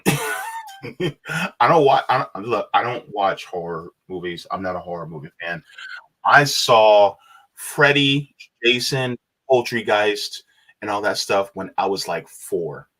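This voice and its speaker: A man's voice: fairly low pitch, huge pitch swings, takes it slowly, pushed and bright, slightly rough. A man co-hosting a live stream, greeting viewers and reading chat messages aloud with frequent laughs.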